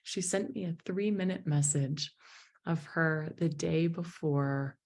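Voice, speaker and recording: A woman giving a motivational talk to a group at an evening presentation, telling a personal story in an emotive, animated way. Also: sits low, slow. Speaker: motivational speaker and business founder.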